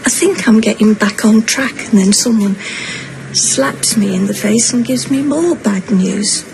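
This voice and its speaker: An actress playing an anxious, self-pitying older mother and grandmother, who talks in plaintive, rushed runs of self-justification. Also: mid-range voice, gravelly. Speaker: soap opera character. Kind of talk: television drama acting. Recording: noisy broadcast soundtrack.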